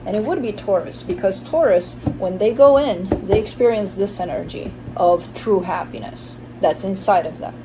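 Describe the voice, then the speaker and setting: A woman's voice: mid-range voice, normal speed, few pauses, noisy background. A woman giving a casual tarot reading, chatty and blunt, swearing now and then and voicing the listener's inner thoughts. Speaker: tarot reader.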